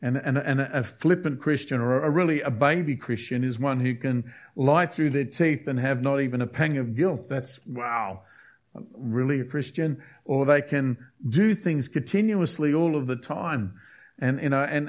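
A man's voice: mid-range voice, normal speed. A man preaching a sermon, earnest and emphatic, often restarting his phrases. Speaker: pastor.

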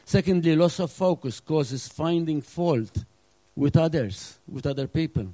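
Earnest man preaching, warm and dry. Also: on the high side, measured pace, dry recording, poor audio. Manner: earnest preaching with acted-out asides, drops to a hush. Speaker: pastor. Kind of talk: sermon.

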